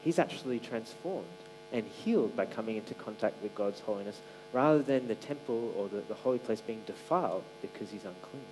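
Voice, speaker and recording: A man's voice: on the low side, lively intonation, a little fast, few pauses, darkish tone, a little hiss or hum, rough recording. A man giving a casual, conversational sermon, with many fillers and restarts. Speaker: preacher.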